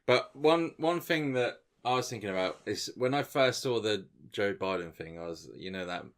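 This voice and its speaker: A man in easy podcast banter who keeps teasing his co-hosts with running jokes. His voice sits fairly low but has a bright, crisp edge. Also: lively intonation, normal speed. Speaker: podcast co-host. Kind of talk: casual chat.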